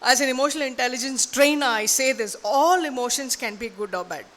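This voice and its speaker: A woman's voice: high voice, brisk, fairly bright tone. A woman preaching a sermon in a conversational way, often checking in with "okay?" and "right?". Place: church. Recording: reverberant church hall.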